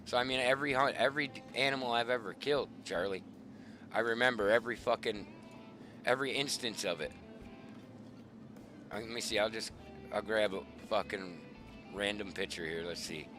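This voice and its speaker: A middle-aged man, the host, casually telling hunting stories in a profane, animated way. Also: fairly low pitch, normal speed, long pauses, music in the background. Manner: profane, animated, swearing often. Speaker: show host.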